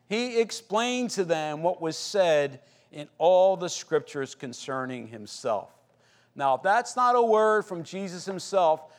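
A man preaching a sermon, reading scripture and praying with earnest, rising intensity. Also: high voice. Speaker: pastor.

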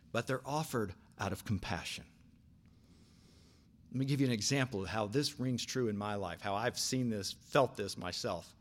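An older man preaching a sermon, telling stories with big swings from quiet asides to shouted lines. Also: mid-range voice. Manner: animated storytelling, swings from soft asides to shouting. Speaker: pastor.

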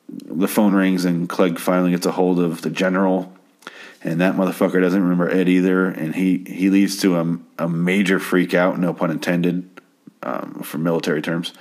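Deep-voiced man rambling through a recap. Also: little pitch movement, normal speed, darkish tone. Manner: rambling, profane, stammering. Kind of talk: casual episode recap. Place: home at night.

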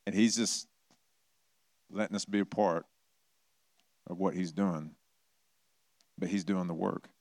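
A middle-aged pastor delivers his sermon in a loose, conversational manner, slipping into quick impressions for the stories he tells. His voice sits on the low side. The sound is dry and close to the mic. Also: fairly even intonation, a little mellow, dry recording. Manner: conversational, acts out quoted voices, self-deprecating humor.

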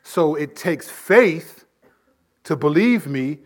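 This pastor preaches slowly and expressively. He punctuates his sermon with sudden bursts of volume and sinks to a low register to land his points.

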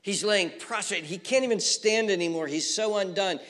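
A man pastor preaching a sermon, swinging from hushed near-whispers to raised, emphatic lines, repeating phrases as he builds. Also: sits high, moderate pace, few pauses. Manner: repeats phrases and restarts words. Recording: long reverb from a large room.

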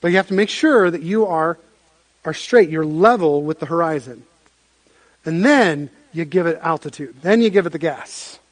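A man preaching a sermon as pastor, telling stories in an animated way with frequent restarts. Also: fairly high pitch, normal speed.

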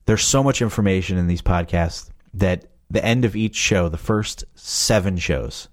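A man's voice: sits low, moderate pace. A young adult man, a podcast creator, talking casually and rambling loosely about his show. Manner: rambling, loose and chatty, full of fillers like "you know". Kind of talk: casual chat.

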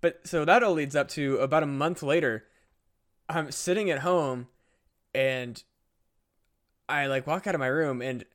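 A man's voice: fairly high pitch, unhurried, long pauses, fairly bright tone. Rambling young man telling a story. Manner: rambling, profane, many fillers. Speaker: podcast co-host. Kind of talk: casual storytelling.

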